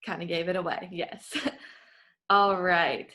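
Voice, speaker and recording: A woman's voice: fairly low pitch, fairly even intonation, slow, pushed and bright. A woman working as a voice clinician, giving patient, encouraging step-by-step instructions in a therapy session.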